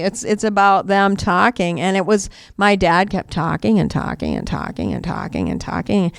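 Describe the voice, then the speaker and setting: A woman's voice: medium pitch, expressive, normal speed, vocal fry, clear, resonant tone, dry recording, studio quality. A chatty woman who trains mediators, explaining her method casually, often laughing and acting out the voices of people she quotes. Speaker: restorative justice mediator and trainer. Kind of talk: casual teaching talk.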